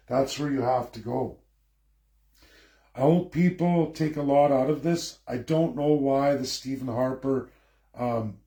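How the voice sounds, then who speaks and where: A man giving a forceful, lecturing political rant straight to his viewers, repeating himself for emphasis. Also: mid-range voice. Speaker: political commentator. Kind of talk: ranting political livestream. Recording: echoey room.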